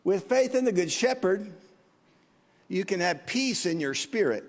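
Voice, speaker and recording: High-voiced preacher in reverberant church. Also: male voice, very animated, unhurried. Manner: earnest, conversational, asks the congregation questions. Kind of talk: sermon. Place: church sanctuary.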